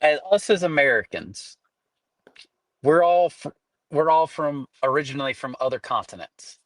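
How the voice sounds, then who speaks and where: A man's voice: fairly high pitch, expressive, normal speed, no room sound. Curious Southern man asking questions. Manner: curious, asks questions, trails off and restarts. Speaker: podcast co-host. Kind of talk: casual podcast chat.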